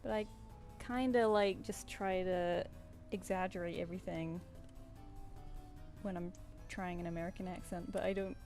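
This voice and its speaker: Drawing live from her flat with her cat around, this English streamer and artist rambles and starts her sentences over in a Southern English accent. She talks at a normal speed in a fairly low, darkish voice with a steady tone, and there is faint music in the background.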